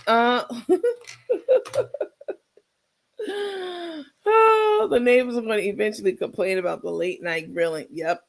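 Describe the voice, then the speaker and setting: A woman's voice: on the high side, animated, takes it slowly, vocal fry, pauses often. A woman giving casual comedic reaction commentary, sassy and laughing, talking straight to her viewers.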